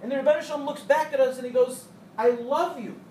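A high-pitched man leads a storytelling Torah class, voicing the people in his parables and joking with his listeners. He sounds distant, in an echoey room with a faint hum behind him. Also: fast. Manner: animated storyteller who acts out quotes and jokes with the audience. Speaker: Torah teacher addressing young women.

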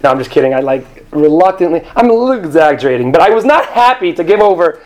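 Male storyteller, high voice, rambling self-deprecating stage anecdote, handheld mic. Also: very animated, fast, a little mellow. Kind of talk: live comic storytelling. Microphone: handheld microphone.

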